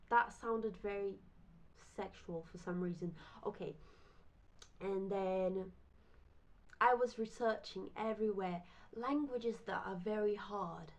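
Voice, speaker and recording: A woman's voice: medium pitch, slow. A young woman from Brazil, chatting through a casual storytime full of fillers and restarts. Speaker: vlogger.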